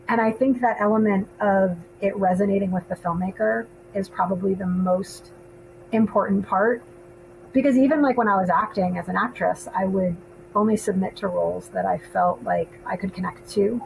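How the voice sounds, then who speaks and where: A woman's voice: medium pitch, fairly even intonation, a little fast, creaky, a little mellow, slight background noise, rough recording. A woman in her thirties, a filmmaker co-hosting a podcast, chatting casually with lots of ums. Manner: chatty, laughs often, many ums. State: hiccups. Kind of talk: casual panel chat.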